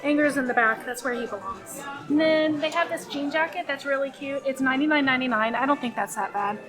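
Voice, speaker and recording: A woman's voice: high-pitched, brisk, music in the background. A woman vlogging casually from a shop, chatting and gushing about the clothes she finds. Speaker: theme park vlogger. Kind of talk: casual shopping vlog.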